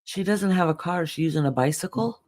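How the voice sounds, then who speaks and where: Teasing woman with a lowish voice. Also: darkish tone. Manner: teasing, quick to laugh. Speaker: livestream co-host. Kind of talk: casual chat.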